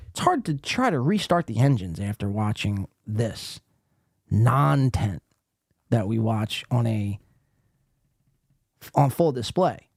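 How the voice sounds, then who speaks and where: A man's voice: mid-range voice, a little mellow, no echo, studio quality. A man from the East Coast hosting a podcast, reacting sarcastically to a livestream and reading chat aloud with plenty of swearing. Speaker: podcast host. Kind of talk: casual commentary on a livestream.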